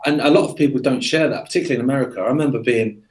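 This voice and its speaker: An English man, a guest in a casual interview, telling lively anecdotes with energy. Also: mid-range voice, racing. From England. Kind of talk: casual conversation.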